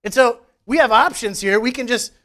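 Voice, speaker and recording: A man's voice: very high-pitched, fairly quick, sharp tone. A man preaching a conversational sermon in church, retelling scripture with casual, joking asides. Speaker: pastor. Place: church service.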